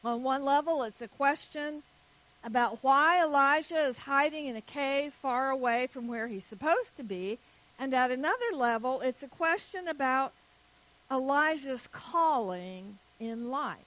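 A woman preaching a sermon, telling a story slowly and deliberately. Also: sits high, lively intonation, fairly bright tone, low-quality recording.

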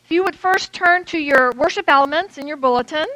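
Woman worship leader, bright and high, clear instructions. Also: brisk, dry recording. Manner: clear, instructive, guiding the congregation. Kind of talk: leading a church service. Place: church sanctuary.

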